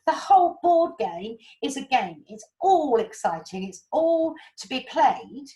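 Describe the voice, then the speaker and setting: A woman giving animated, chatty spiritual guidance and explaining with homely analogies. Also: high voice, measured pace, poor audio. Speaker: spiritual guide. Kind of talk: casual spiritual talk.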